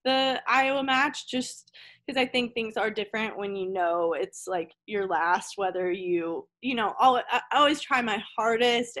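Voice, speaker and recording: A woman's voice: medium pitch, a bit bright. A young woman talks from her family home over a video call, her voice sitting in an ordinary middle register. She rambles a little and leans on "like" as she answers, chatty and easygoing as an interview guest. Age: young adult. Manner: chatty, heavy use of "like", laughs easily. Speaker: college tennis player, guest.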